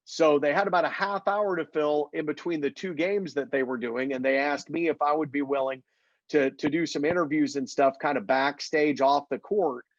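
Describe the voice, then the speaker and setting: The recording is muffled with no echo as a man, a play-by-play announcer from Missouri, speaks at normal speed in a somewhat high voice. Chatting casually in an interview, he animates his stories by acting out what people said.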